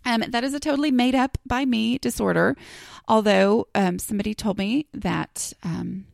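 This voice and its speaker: A woman's voice: a little high, normal speed, gravelly, no room sound. Chatty woman podcasting, dry close sound. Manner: chatty, rambling, self-deprecating with many fillers. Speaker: podcast host. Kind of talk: casual solo podcast talk.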